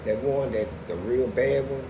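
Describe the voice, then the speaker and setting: A man guesting on a podcast, telling profane prison stories in an animated way and jumping into loud acted-out quotes. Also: medium pitch, normal speed. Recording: echoey room with background noise.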